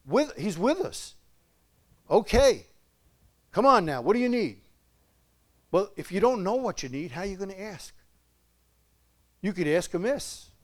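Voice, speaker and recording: An older man gives a loose, folksy sermon, chuckling between points and firing questions at his listeners. His voice sits a little high for a man. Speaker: preacher. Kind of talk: conversational sermon.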